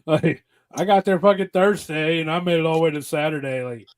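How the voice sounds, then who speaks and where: A man's voice: fairly high pitch, brisk. A man hosting a casual podcast chat, telling stories with lots of swearing and acting out what others said. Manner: animated, profane storyteller who acts out voices.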